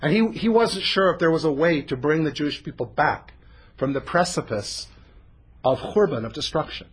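Guy with a slightly high husky voice leading a torah study class, lively, mixing in hebrew words. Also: normal speed. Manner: animated, mixes Hebrew terms into explanation. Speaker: Torah teacher.

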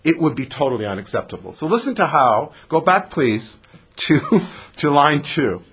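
A man teaching a text study class in a lively conversational way, putting questions to the students in the room. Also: fairly high pitch, moderate pace, husky.

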